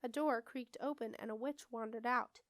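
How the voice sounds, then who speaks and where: A woman reading a children's fantasy novel aloud in steady, expressive storybook narration. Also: on the high side, moderate pace, dry recording. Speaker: audiobook reader.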